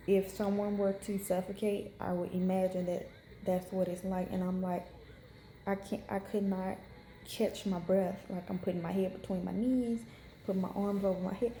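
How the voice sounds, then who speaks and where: Chatty young woman, flat mellow voice. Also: mid-range voice, roomy sound, slight background noise. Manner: frank, chatty, many fillers. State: unwell, in pain. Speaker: vlogger. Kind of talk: casual storytelling to camera. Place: hospital room.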